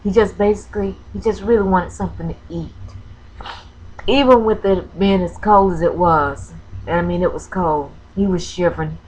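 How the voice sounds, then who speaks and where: A woman's voice: fairly low pitch, normal speed, darkish tone, a little hiss or hum, poor audio. A woman vlogger telling a personal story, hesitant and full of ums and self-corrections, close to tears as she talks. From Florida. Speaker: crafting vlogger.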